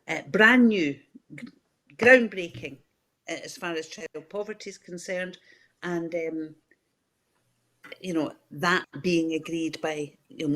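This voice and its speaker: Candid Scottish woman commentator. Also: low voice. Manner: candid, conversational, many fillers and restarts. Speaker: political commentator. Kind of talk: live news discussion.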